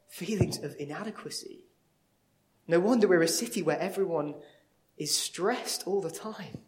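Man, pastor, sermon, earnest, animated, slightly high pitch. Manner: earnest, animated storytelling with emphatic swells.

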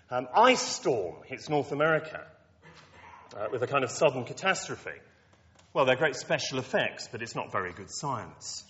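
Preacher with wry asides. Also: male voice, on the high side. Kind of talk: lecture-style sermon to students. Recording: dull lo-fi recording in a reverberant hall.

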